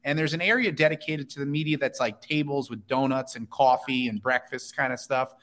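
A man calmly recounting a story as a podcast guest. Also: medium pitch, brisk. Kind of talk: casual storytelling.

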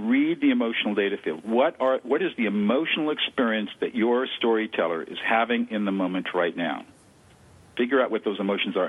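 A man's voice: fairly low pitch, husky. A man speaking as an interview guest, explaining a listening technique with enthusiasm and repeating words for emphasis. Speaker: guest expert on conflict de-escalation. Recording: tinny phone line.

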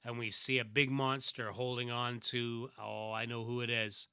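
A man's voice: medium pitch, flat delivery, normal speed, pushed and bright, clean tone, no echo, clean studio sound. A man hosting a podcast, narrating a comic casually with fillers like "uh" and "you know". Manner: narrates with frequent fillers and laughs. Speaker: podcast host reading a comic. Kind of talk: casual chat and read-aloud.

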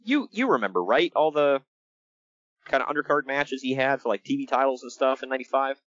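Animated man chatting on a podcast. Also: medium pitch, fairly quick, highs cut off. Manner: animated, exasperated, laughs often. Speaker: podcast co-host. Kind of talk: casual wrestling podcast chat.

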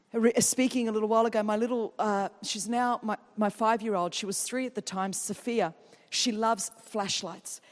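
An Australian woman in her thirties preaching a lively sermon, telling stories and building to loud, fervent peaks. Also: mid-range voice, long reverb tail. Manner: animated storytelling, swinging from quiet to loud and fast.

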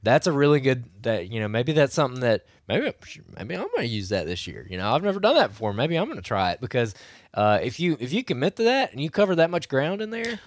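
A man, slightly hoarse from losing his voice, giving rambling, coaching advice as a podcast co-host. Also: medium pitch, big pitch swings, fast talker, no echo, clean studio sound. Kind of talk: casual podcast chat.

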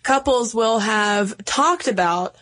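A woman's voice: on the high side, slow pace, fairly bright tone. A woman co-hosting a podcast in casual chat, playful, reading quotes aloud with mock drama. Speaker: podcast co-host.

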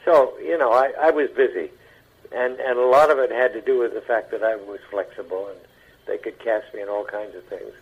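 An older male actor tells his stories as a radio guest, his voice husky and his delivery halting, with words often repeated. The broadcast sound is dull and lo-fi. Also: fairly low pitch, fairly even intonation. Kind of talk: anecdotal interview talk.

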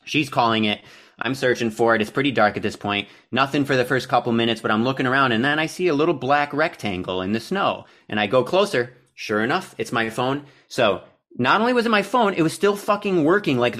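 A young man telling a long story on a casual podcast, easygoing and unpolished. He swears freely and sounds exasperated with himself. His pitch sits right in the middle for a man. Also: animated, brisk, fairly bright tone. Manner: profane, self-deprecating, exasperated. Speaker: podcast co-host.

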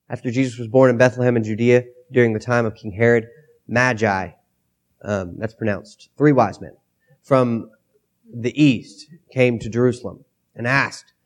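A man preaching a sermon into a microphone, his voice stuffy from a cold. He reads scripture and then explains it in an easy, conversational way, at a medium pitch for a man. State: has a cold, coughing. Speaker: pastor.

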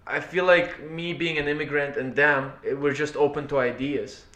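A man from Europe, not a native English speaker, telling animated stories in a casual podcast chat with many fillers. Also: on the high side, normal speed.

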